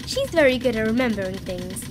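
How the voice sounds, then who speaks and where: A woman's voice: on the high side, very animated, brisk, background noise. A woman doing a kindly granny pig. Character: helpful grandmother pig.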